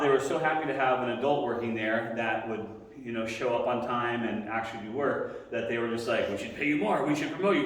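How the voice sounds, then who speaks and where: A man's voice: mid-range voice, recorded from a distance. Man preaching in an echoey hall. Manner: conversational and animated, acting out quotes with sound effects. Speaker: Sunday school teacher. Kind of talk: sermon-style story to a class. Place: church hall.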